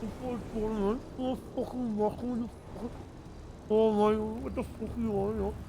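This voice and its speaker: A man's voice: high voice, level tone, normal speed, background noise, voice pushed up. A man putting on a swearing street tough. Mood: aggressive. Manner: swearing, confrontational and menacing. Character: aggressive foul-mouthed male street tough. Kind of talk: live-streamed accent practice.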